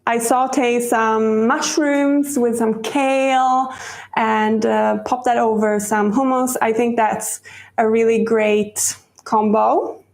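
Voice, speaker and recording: A woman's voice: on the high side, steady tone, slow pace, darkish tone, echoey room. A woman hosting a casual live-stream baking demo, chatty and rambling and laughing often. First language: Swedish. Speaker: cooking show host.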